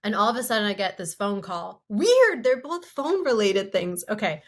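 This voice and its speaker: A woman co-hosting a casual podcast chat, her voice sitting at an ordinary middle pitch. She tells a personal story candidly and with animation, moving quickly from one thought to the next. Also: expressive. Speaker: podcast co-host.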